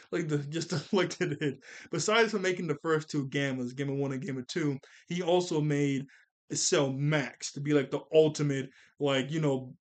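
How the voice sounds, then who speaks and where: A man giving a casual anime review, excitable and rambling, with frequent restarts and laughs. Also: on the high side. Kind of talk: casual commentary.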